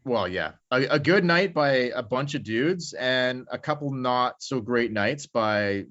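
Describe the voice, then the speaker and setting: A man talks hockey in loose, unhurried podcast chat, rambling through thoughts and swearing freely. His voice sits in an ordinary middle register. The recording is somewhat dull and lo-fi. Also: mid-range voice, expressive, fairly bright tone. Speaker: podcast co-host. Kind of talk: casual sports chat. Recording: slightly dull lo-fi audio.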